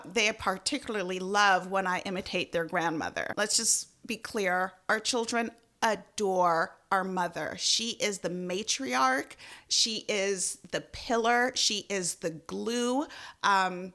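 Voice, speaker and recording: A woman's voice: mid-range voice, sharp tone. A middle-aged woman from Jamaica co-hosting a podcast, telling family stories in an earnest, reflective way. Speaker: podcast co-host. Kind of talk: casual podcast chat.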